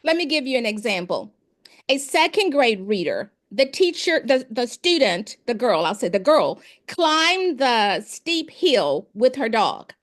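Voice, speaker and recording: Speaking a bit slowly with a pitch on the high side, this former principal and education specialist relays classroom stories during an informal interview. She brings them to life by acting out the exchanges.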